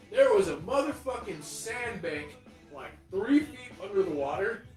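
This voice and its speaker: A young man telling a story as an interview guest, animated and profane, rambling with many restarts. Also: fairly high pitch. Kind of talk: casual storytelling. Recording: echoey room, distant mic, music behind.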